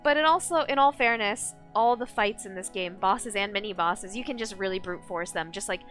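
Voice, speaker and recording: A woman's voice: medium pitch, fairly quick, a bit bright, soft background music. A woman streamer chatting casually while playing a game, rambling with many fillers and restarts. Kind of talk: casual live-stream chat while gaming.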